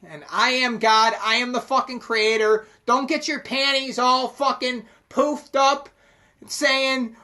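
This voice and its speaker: A man talks slowly through spiritual teachings, unhurried and drawn out. He rambles casually and peppers every thought with curses, pressing his points with blunt emphasis. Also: extremely high pitch, steady tone, pushed and bright. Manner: swears constantly, rambling and emphatic. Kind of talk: casual profane monologue explaining Kabbalah.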